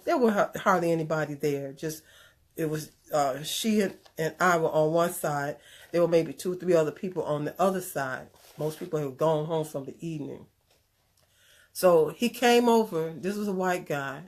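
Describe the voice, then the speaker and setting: A woman with a slightly low voice tells a personal story in a relaxed, conversational way. She is animated and earnest and slips into preachy asides now and then. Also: moderate pace. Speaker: speaker sharing a personal story. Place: Chicago area.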